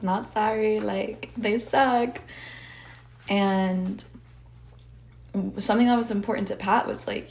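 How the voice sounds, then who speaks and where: Gravelly-voiced woman rambling casually. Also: fairly low pitch. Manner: rambling, heavy "like" filler, swears freely. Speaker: podcast host. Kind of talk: casual movie recap chat.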